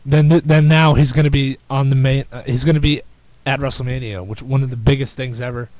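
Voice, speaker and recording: A man hosting a podcast in casual chat, rambling and excitable with frequent restarts. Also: mid-range voice, fairly quick, no echo, low-quality recording. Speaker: podcast host.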